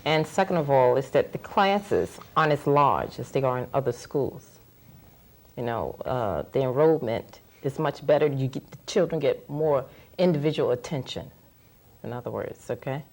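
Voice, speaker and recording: Low-voiced mother on a TV panel, plain-spoken and chatty, with the odd um and you know. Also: lively intonation, normal speed, darkish tone. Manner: plain-spoken and conversational, with fillers. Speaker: parent guest. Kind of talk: studio panel discussion.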